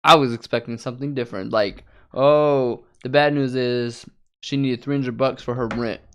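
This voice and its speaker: A man's voice: mid-range voice, fairly even intonation, normal speed, a bit bright, a little hiss or hum. A man co-hosting a casual film review chat, chiming in with short quips and jokes.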